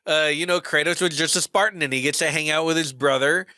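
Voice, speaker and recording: A man's voice: a little high, fast, pushed and bright, clean tone, no room sound. A man co-hosting a podcast in laid-back casual chat, full of fillers, on a close mic. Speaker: podcast co-host.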